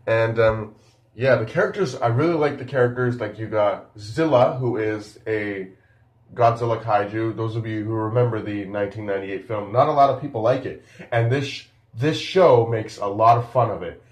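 A man's voice: on the low side, normal speed. Rambling man in an echoey room. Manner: rambling and enthusiastic, many fillers and restarts. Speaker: YouTube reviewer. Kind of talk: casual video commentary.

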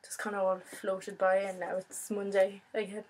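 Young woman vlogger, husky voice, giggly and sweary, casual chat to camera. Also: medium pitch, flat delivery, normal speed, hardly any pauses, a little mellow, poor audio. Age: young adult.

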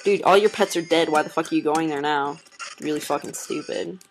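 A woman's voice: low voice, fairly quick, slight background noise, poor audio. A young woman doing casual gameplay commentary, chatting to viewers, laughing often and swearing freely. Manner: chatty, talks to viewers while playing. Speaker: let's player.

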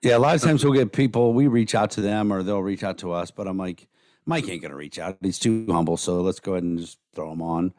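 A hoarse-voiced man co-hosting a podcast in loose, rambling chat, cursing freely and telling stories bluntly. His voice sits a little low and is recorded dry and close, with no room sound at all. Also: fast talker, darkish tone, no echo. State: hoarse from days of talking. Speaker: podcast co-host.

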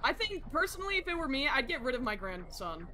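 A woman streaming a horror game, yelling and swearing at the characters and then dropping into quiet asides. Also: sits high, sing-song, a little hiss or hum. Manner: rapid swings to quiet asides.

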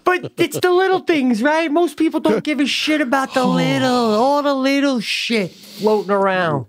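A man's voice: extremely high pitch, normal speed. A man co-hosting a podcast who tells stories in casual chat, swearing freely and laughing often. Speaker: podcast co-host.

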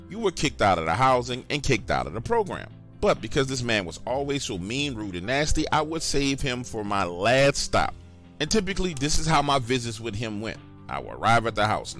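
A man's voice: mid-range voice, fairly bright tone. A man telling a first-person horror story in a casual, conversational way, talking straight to the listeners.

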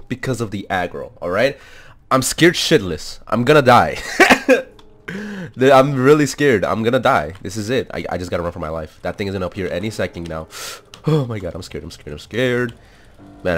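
Excitable young man, lively low voice. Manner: excitable, swears, laughs often, repeats words. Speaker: gaming commentator. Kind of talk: casual gameplay commentary. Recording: faint background music.

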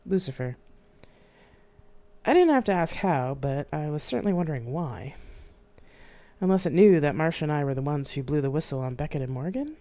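A woman's voice: low-pitched, fairly quick. A woman author reading her own science fiction novel aloud in first person, on a live stream. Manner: first-person narration, expressive. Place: home streaming setup.

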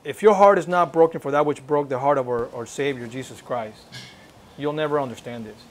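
A man in a mid-range voice briskly relates his testimony at church, acting out the dialogue and earnestly exhorting everyone listening.

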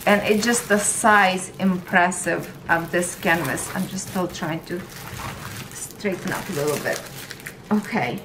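A woman's voice: medium pitch, far from the mic, noisy background. A woman hosting a casual unboxing vlog about diamond painting, gushing and chatty.

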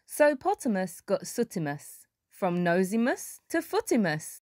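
A woman's voice: mid-range voice, big pitch swings, a little slow, few pauses, a little mellow, no echo, clean studio sound. A woman reading a rhyming children's picture book aloud, with playful little voices for the animals. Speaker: storyteller.

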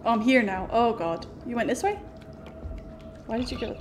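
Faint music plays behind this gaming streamer, a woman whose voice sits on the high side and moves at a moderate pace. Playing a horror game, she yelps out sudden exclamations and talks to both the characters and her audience.

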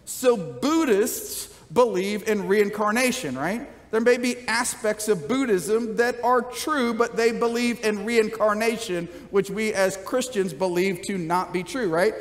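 A man's voice: high voice, measured pace, few pauses, in a large hall. A man pastor preaching a sermon in a conversational style, often checking in with the congregation with "right?" and light jokes. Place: church sanctuary.

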